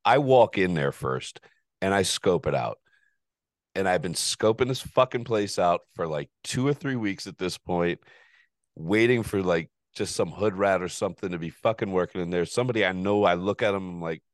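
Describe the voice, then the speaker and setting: Man, podcast host, very low voice, dry sound, casual profane storytelling. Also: moderate pace, no room sound. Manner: profane, animated, laughs often.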